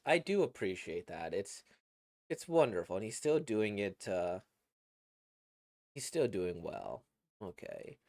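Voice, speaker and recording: A man's voice: fairly low pitch, sing-song, takes it slowly, pauses often, darkish tone, no echo, clean studio sound. A man casually reacting to a webcomic he reads, rambling and reflective, with many fillers and restarts.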